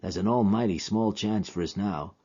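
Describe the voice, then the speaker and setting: A man voicing a weary, gentle old frontiersman who talks in a drawling frontier dialect, in a lo-fi recording. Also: fairly low pitch, moderate pace, slightly rough. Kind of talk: audio drama acting. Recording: dull lo-fi recording.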